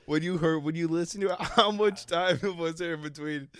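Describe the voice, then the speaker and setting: A man's voice: on the high side, moderate pace, a bit bright, clear, resonant tone, no echo. A man co-hosting a podcast, teasing his co-host profanely and laughing often in casual chat.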